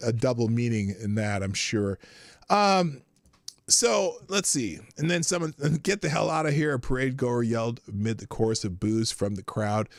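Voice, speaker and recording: A man's voice: medium pitch, dry recording, studio quality. A man hosting a live stream in a casual chatty way, reading articles aloud and laughing often. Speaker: live show host.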